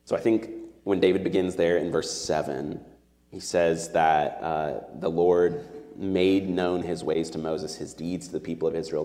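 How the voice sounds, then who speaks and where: A man's voice: low voice, dark tone. A man in his thirties preaching a sermon as pastor, earnest and conversational, talking to his church on a Sunday morning. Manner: conversational, earnest, with fillers like "like" and "right?". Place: church sanctuary. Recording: long hall reverb.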